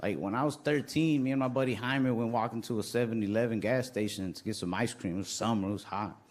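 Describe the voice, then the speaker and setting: A male comedian telling a stand-up story in a relaxed, deadpan style. His voice sits at an average pitch for a man. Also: fast. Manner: laid-back, deadpan delivery.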